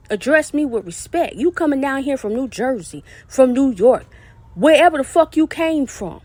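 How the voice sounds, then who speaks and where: High-voiced, profane woman ranting. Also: expressive, normal speed, a little mellow, dry recording. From South Carolina. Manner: profane, confrontational, insulting. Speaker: podcast host. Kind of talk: angry solo podcast rant.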